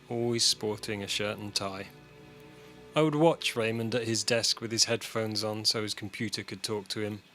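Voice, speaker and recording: A man's voice: lowish voice, sharp tone. A man reading a personal short story aloud in a dry, matter-of-fact way. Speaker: story reader. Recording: music bed under voice.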